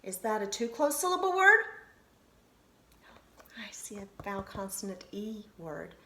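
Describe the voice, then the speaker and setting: Woman, elementary teacher, slow deliberate phonics delivery, animated intonation, roomy recording with faint hiss. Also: medium pitch. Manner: slow, sounding out syllables and letters. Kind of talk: phonics lesson to children on video. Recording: roomy echo, faint noise.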